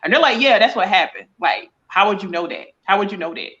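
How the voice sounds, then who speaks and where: Speaking fast in a mid-range voice, a psychic medium appears as an interview guest and talks in a casual, slangy, animated way. She explains by acting out short exchanges, and the recording has a lo-fi quality.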